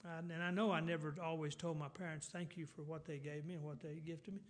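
A middle-aged man, preaching a folksy sermon with halting restarts. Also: fairly high pitch, level tone.

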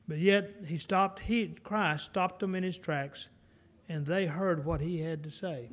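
A man's voice: sits high, measured pace. A man preaching a sermon in a folksy, conversational way, acting out the dialogue of the people in the scripture.

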